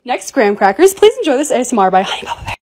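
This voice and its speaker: A young woman talks through her vlog in a brisk, high voice that jumps all over the place. She gushes over every cute thing she shows. Her narration is bubbly and excited from start to finish. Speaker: content creator.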